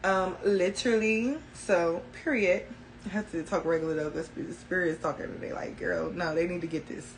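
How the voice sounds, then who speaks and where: A woman's voice: on the low side, fairly even intonation, normal speed, a little hiss or hum, poor audio. A woman talking casually to her viewers about spirituality, emphatic and colloquial, repeating key phrases for effect. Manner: casual colloquial speech, addresses viewers as y'all. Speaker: spiritual reader.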